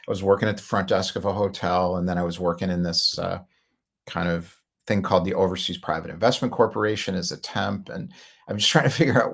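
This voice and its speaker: A man's voice: deep voice, steady tone, fast, creaky, a bit bright, husky. A middle-aged man telling a personal story in a chatty, casual way, laughing often and acting out quoted lines. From Chicago area, United States. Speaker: podcast host.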